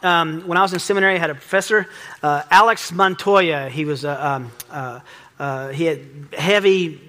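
A middle-aged man preaching a sermon as pastor, lively and joking, acting out little exchanges. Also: a little high, moderate pace. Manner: lively, joking, acts out dialogue.

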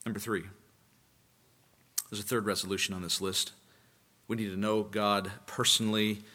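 A man's voice: lowish voice, level tone, moderate pace, pushed and bright. A man preaching a sermon as pastor, emphatic and repeating key lines for emphasis.

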